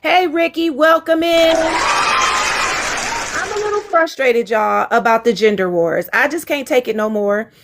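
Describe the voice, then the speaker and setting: A woman's voice: a little high, very animated, normal speed, hardly any pauses, a faint crowd, slight background noise. A woman relationship coach chatting frankly on her live stream, laughing easily between exasperated asides. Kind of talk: casual live-stream talk.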